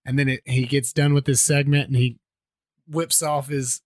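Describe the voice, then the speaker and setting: A man co-hosting a casual sports podcast, animatedly retelling commercials and dropping into quick character voices between laughs. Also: mid-range voice, level tone, no room sound, studio quality. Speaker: podcast co-host. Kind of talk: casual chat.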